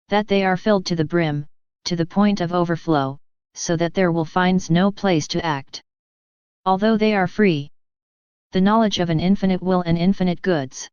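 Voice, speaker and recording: A reader voicing Jesus, calm and solemn. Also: medium pitch, clear, resonant tone, dry recording, natural voice. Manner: slow, solemn, measured delivery. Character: Jesus, a calm loving divine man. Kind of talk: devotional reading. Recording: dull lo-fi dry recording.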